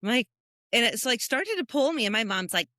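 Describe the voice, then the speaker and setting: Woman from the US, podcast co-host, lively storyteller, bright forward tone, dry close sound. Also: brisk, no room sound. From United States. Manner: animated storyteller who jumps high when quoting people. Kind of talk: casual chat.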